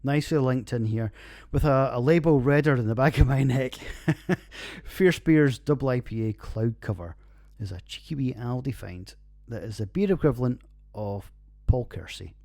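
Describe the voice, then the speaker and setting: A Scottish man in his forties talks through a casual podcast review, rambling and swearing freely and laughing at his own jokes. His voice sits at a middle pitch. It is recorded dry and close on a home computer. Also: animated, moderate pace, a little mellow, no echo. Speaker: podcast host. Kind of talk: casual beer review monologue.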